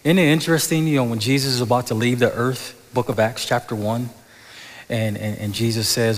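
A man's voice: mid-range voice, fairly even intonation, fairly quick, fairly bright tone. A man preaching a sermon as pastor, often stammering and restarting words, then building to impassioned peaks. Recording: long hall reverb.

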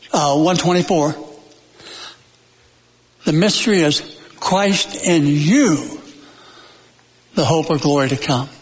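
A man preaching a sermon in a church, emphatic and folksy, repeating phrases with dramatic pauses and joking now and then. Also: fairly high pitch. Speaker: pastor. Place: church sanctuary. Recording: long hall reverb.

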